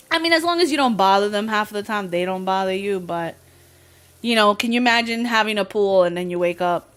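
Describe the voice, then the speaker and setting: A woman livestreamer chatting casually with her viewers, talkative, slangy and quick to laugh. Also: medium pitch, a bit bright.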